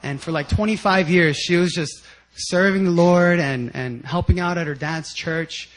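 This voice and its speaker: A young man preaching a sermon, telling a personal story in a lively, animated way and often laughing as he talks. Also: fairly high pitch, moderate pace. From United States. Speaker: pastor.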